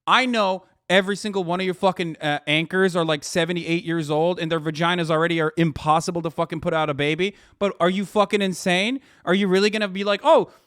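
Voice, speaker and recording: A man's voice: high-pitched, steady tone, fast talker, hardly any pauses, a bit bright, clean tone, no room sound, studio quality. A man in his thirties streaming a heated, profane and sarcastic rant, reacting to the news as he talks. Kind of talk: ranting casual commentary.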